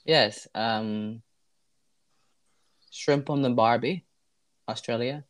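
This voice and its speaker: A man's voice: medium pitch, expressive, a little slow. Playful mock-formal male co-host. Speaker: podcast co-host. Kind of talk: casual comedic banter.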